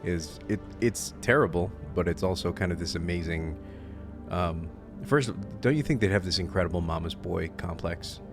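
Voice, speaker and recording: A man's voice: deep voice, moderate pace, music in the background. A male streamer chatting casually, tired and a little loopy late at night, rambling as he plays. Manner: rambling, with lots of fillers and restarts. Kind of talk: casual chat.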